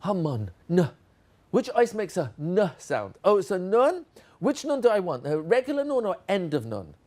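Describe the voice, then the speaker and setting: A man's voice: high-pitched, wildly swooping pitch, normal speed, a little mellow. A man giving a teacher training session, playfully acting out classroom exchanges with children.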